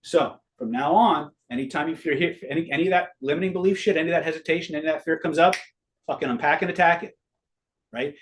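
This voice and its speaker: A man's voice: on the high side, fast. A middle-aged man teaching a live online master class in a casual way, swearing freely and quizzing his audience.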